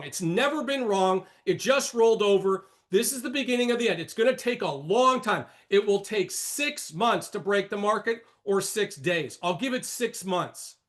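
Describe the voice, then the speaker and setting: Older man, high-pitched voice, trading room host, blunt, animated, lecturing market commentary.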